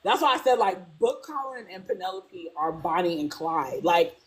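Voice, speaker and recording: A woman talking casually as a guest, animated, acting out characters' lines and saying "like" constantly. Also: normal speed. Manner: animated, acts out characters' lines with big pitch jumps; peppers speech with "like". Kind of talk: casual fan discussion.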